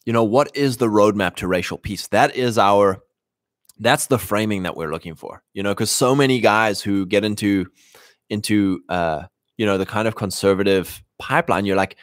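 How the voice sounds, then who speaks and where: A man with a fairly low voice talks through a loose, rambling monologue, restarting his sentences and slipping into mocking voices. The sound is dry and close, with no room around it. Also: normal speed, dry recording. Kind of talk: casual monologue.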